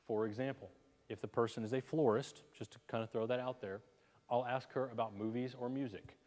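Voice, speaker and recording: A man gives a talk at a chamber of commerce meeting, keeping it energetic and conversational and throwing questions at the crowd. His voice sits in the middle range. It rings with a long hall reverb. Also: medium pitch. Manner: energetic, chatty, asks the audience questions. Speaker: networking presenter. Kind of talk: live presentation to a small audience.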